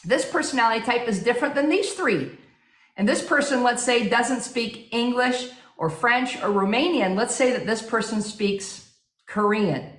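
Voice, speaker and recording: Energetic woman giving a sales seminar. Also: a little high, moderate pace, roomy sound. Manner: energetic, persuasive, rhetorical questions. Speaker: sales trainer. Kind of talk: motivational seminar talk.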